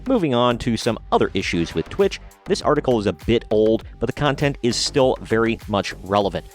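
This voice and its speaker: A man's voice: mid-range voice, big pitch swings, a little fast, soft background music. A man hosting a commentary video, reading out news articles and adding blunt, sarcastic remarks of his own. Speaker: commentary channel host.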